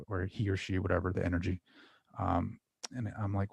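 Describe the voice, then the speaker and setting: Gravelly low-voiced man, rambling. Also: moderate pace, pauses often, slight background noise. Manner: rambling, full of restarts and fillers, animated when telling a story. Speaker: guest. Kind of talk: casual spiritual chat.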